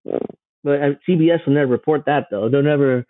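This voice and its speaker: A man's voice: on the high side, a little fast, no room sound. Sarcastic man with a tinny, dry sound. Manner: sarcastic, mocking, swears freely. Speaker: political commentator reacting to a news clip. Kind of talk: casual reaction commentary. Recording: dry, phone-like narrow sound.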